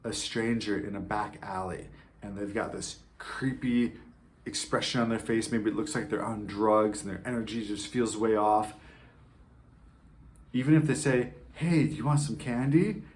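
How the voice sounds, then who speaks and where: A man's voice: fairly low pitch, steady tone, normal speed. A man teaching a sales masterclass, explaining ideas step by step and often checking in with "right?" and "okay?", acting out tones of voice in his examples. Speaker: sales coach.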